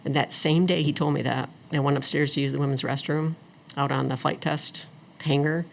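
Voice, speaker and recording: A middle-aged woman telling her story as an interview guest, animated and acting out the people she quotes. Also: low-pitched, a little fast, vocal fry, a little hiss or hum. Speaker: guest, attorney and former engineer.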